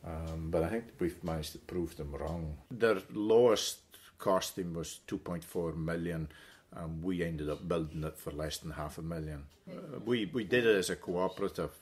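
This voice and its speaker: A middle-aged man, a livestock farmer telling his story slowly, with many hesitant fillers and repeats. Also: low voice. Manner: deliberate, with frequent hesitant fillers and repeated words. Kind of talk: reflective interview storytelling.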